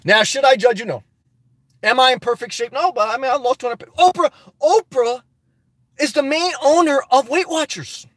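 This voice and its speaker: Male livestream host, very high pitch, animated and preachy, dry close mic. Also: moderate pace, dry recording. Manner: rambling, preachy and animated, laughs often. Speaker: livestream host reading viewer chat. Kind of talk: casual live chat.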